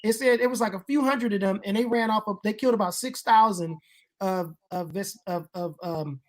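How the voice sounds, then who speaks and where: A woman explains scripture and ancient history in a relaxed conversation. She talks at a mid pitch, and her delivery grows animated as she builds each point to an emphatic finish. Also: brisk. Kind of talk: casual discussion of Bible history.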